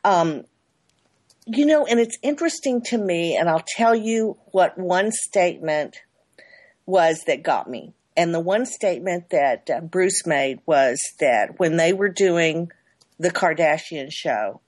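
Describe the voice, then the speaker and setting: A woman's voice: fairly low pitch, animated, takes it slowly, darkish tone, no echo. A middle-aged woman publicist being interviewed, talking in rambling loops that repeat and restart. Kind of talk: interview guest.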